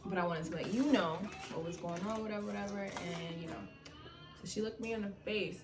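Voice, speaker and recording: A woman's voice: mid-range voice, a little fast, music in the background. New woman telling a story in an echoey room. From New York. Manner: animated, slangy storytelling with quoted dialogue. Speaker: vlogger. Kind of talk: casual storytime. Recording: echoey room from far off, faint noise.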